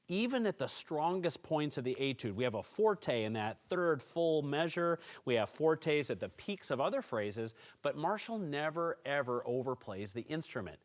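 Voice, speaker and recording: A man giving a calm, encouraging music lesson, explaining percussion technique step by step to students. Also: on the high side, normal speed, hardly any pauses. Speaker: music teacher. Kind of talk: instructional tutorial.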